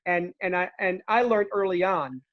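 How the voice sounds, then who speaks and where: A man praising acting students over a video call, halting with many repeated words. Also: high-pitched, lo-fi sound. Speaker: guest comedian and actor. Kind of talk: acting feedback.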